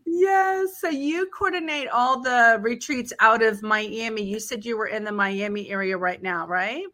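A woman hosts an interview in a chatty, upbeat way and laughs easily. Her voice sits fairly high. She takes her time, drawing out her words. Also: a little slow, a bit bright. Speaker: podcast host. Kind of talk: friendly interview chat.

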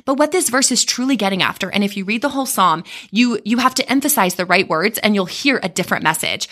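A woman's voice: medium pitch, lively intonation, fairly quick, few pauses, fairly bright tone. A woman co-hosting a Christian podcast, talking earnestly and teaching from scripture in a conversational way. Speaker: podcast co-host.

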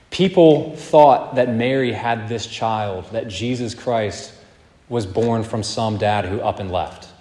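A man's voice: mid-range voice, a little mellow. A man, preaching a sermon as a pastor, earnest and emphatic with swings in volume. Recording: echoey hall, long reverb.

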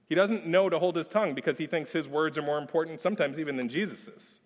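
A man with a fairly high voice preaches a sermon in a casual, storytelling way and keeps asking rhetorical questions. His voice rings out through a large hall with a long echo trailing behind each phrase. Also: quick pace, hardly any pauses. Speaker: pastor.

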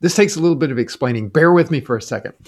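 A man's voice: on the high side, lively intonation, racing, breathy edge. A man co-hosting a Bible study podcast, reading a scripted explanation with emphatic turns at key points. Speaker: podcast co-host.

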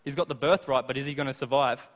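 A man preaching a sermon, retelling scripture in lively everyday words with asides to the listeners. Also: mid-range voice, fast talker. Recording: long reverb of a large hall.

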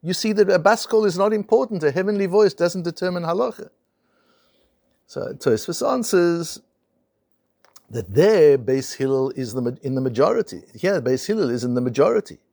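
Animated, gravelly male Talmud teacher. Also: a little high, moderate pace, no echo, clean studio sound. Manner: animated storytelling, mixes in Hebrew and Aramaic terms. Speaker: Torah teacher. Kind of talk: Talmud class lecture.

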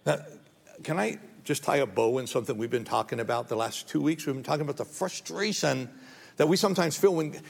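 A man's voice: mid-range voice, fairly quick, vocal fry, husky, long reverb tail. A man preaching a sermon as pastor, earnest and rising to pleading as he voices prayers. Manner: earnest, rises to pleading when voicing prayers.

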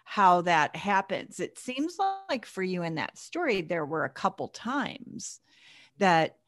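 A woman's voice: on the low side, sing-song, slow, fairly bright tone, no room sound, studio quality, soft background music. A woman hosting a podcast interview, upbeat and chatty, laughing often. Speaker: podcast host.

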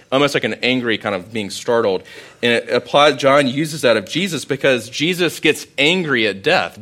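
A young adult man preaching a sermon to a congregation in a conversational, storytelling way with animated emphasis. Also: mid-range voice. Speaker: pastor.

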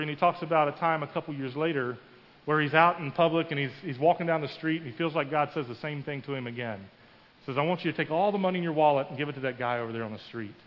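A man preaching a sermon in a church, telling a story and acting out the quoted voices with rising emphasis. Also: a little high. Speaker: pastor. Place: church sanctuary. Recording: muffled with long hall reverb.

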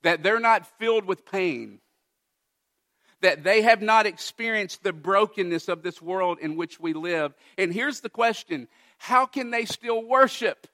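A man preaching a sermon as pastor of a church, earnest, rising to emphatic peaks and falling to soft, quiet moments. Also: high voice, unhurried.

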